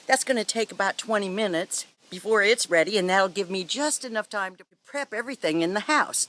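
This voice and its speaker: A woman's voice: medium pitch, a little fast, few pauses, fairly bright tone. A middle-aged woman from Iowa, chatting upbeat as she presents a home recipe to the camera. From northern Iowa. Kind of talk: casual on-camera cooking video.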